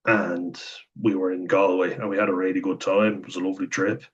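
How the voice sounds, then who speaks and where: Low, flat, husky Irish man. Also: fairly quick, muffled recording. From Ireland. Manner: candid, sweary, chuckles while telling stories. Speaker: vlogger. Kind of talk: casual storytelling monologue.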